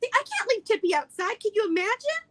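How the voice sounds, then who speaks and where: A woman's voice: extremely high pitch, sing-song, quick pace, slight background noise, low-quality recording. A woman hosting a casual live-stream chat from home, talking in a chatty, flustered, apologetic way. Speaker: host. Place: home, at a computer. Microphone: phone as camera.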